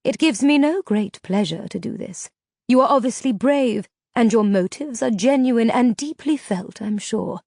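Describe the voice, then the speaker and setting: A woman voicing a cold, calm sorceress. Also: a little high, gravelly, no echo, studio quality, heavily acted. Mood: stern. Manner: slow, calm, measured.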